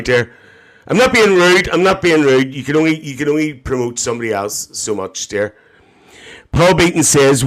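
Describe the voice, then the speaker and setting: A man's voice: medium pitch, fairly bright tone, lightly acted. A gossiping, bawdy middle-aged auntie, played by a man, with a broad Northern Irish accent. She chats cheekily to her live-stream viewers and calls everyone dear and love. Her voice sits in a middle register and comes through a phone mic. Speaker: TikTok live host. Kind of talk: live-stream comedy character chat.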